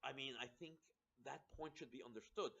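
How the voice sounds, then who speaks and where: A man delivers a loose, meandering political monologue at a middle pitch. He often restarts mid-sentence and briefly acts out what others say. The recording is dull and lo-fi. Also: a little fast, gravelly, a bit bright. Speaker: commentator.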